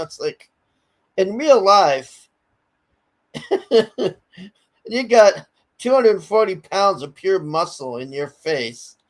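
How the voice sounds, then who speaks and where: A man's voice: high-pitched, poor audio. A man ranting in a casual, profane way, telling a story bluntly and often stammering as he goes. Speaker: commentary streamer.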